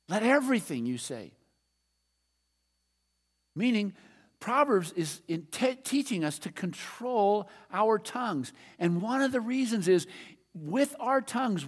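A pastor preaching to his congregation, his fairly high voice carried by the long echo of a large church sanctuary. He speaks with animation, reads scripture and leads prayers aloud. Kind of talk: sermon. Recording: long hall reverb.

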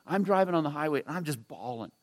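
A man, preaching as a pastor in a church, casual and halting, often dropping to a soft hush. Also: a little high, animated. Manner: conversational, halting with restarts and fillers; drops to a soft hush when emotional. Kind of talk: sermon.

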